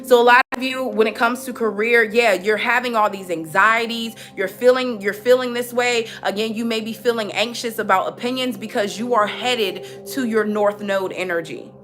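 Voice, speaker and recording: A woman's voice: on the high side, fairly even intonation, moderate pace, hardly any pauses, fairly bright tone, faint music behind. A young woman giving a spiritual reading in a frank, chatty way, often repeating herself when she gets going. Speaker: tarot reader. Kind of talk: spiritual reading, casual monologue.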